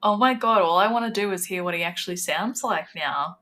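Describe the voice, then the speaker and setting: A woman's voice: lowish voice, brisk, bright, forceful tone. A woman co-hosting a podcast, chatting casually and asking tentative questions full of "like". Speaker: podcast co-host. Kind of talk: casual chat.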